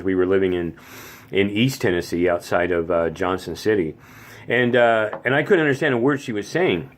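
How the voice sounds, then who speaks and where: A man's voice: low-pitched, moderate pace. A man in his fifties from the Phoenix area, talking in a rambling casual monologue with many stammered restarts. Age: 50s. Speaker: vlogger.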